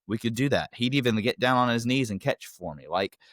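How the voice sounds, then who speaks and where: A man who is a youth pastor and fitness coach, guesting on a podcast and telling stories in a lively, casual way, often saying "like". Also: mid-range voice, brisk, no echo, studio quality. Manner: animated storyteller, acts out quotes, says "like" often.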